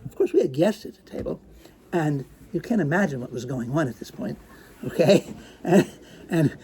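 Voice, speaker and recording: A man teaching a lesson, using Hebrew terms and acting out his stories, moving from hushed tones to excited outbursts. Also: on the high side, moderate pace, a little hiss or hum. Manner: animated, swings from hushed to excited. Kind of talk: lecture with acted storytelling.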